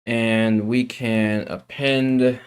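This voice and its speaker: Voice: mid-range voice, flat delivery, drawn-out words, clean tone. A live streamer chatting casually while working on a 3D model, playful and self-mocking, often repeating a phrase over and over.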